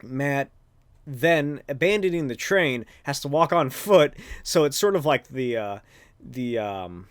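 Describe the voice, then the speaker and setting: A man's voice: medium pitch, animated, measured pace, clean tone, no echo, clean studio sound. A man hosting a podcast, recapping a comic in a rambling, casual way with lots of swearing and filler words. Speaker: podcast host.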